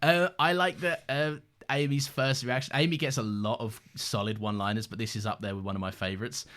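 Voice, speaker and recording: A man's voice: mid-range voice, fairly even intonation, brisk, a bit bright. A man co-hosting a casual rewatch podcast, enthusiastic, reading from his notes and laughing often. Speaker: podcast co-host.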